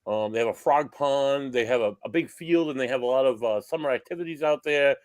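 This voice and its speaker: A man co-hosting a podcast, describing a historic inn in a halting, informative way. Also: mid-range voice, no echo, rough recording. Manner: halting, filler-heavy, informative. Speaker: podcast co-host. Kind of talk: casual chat.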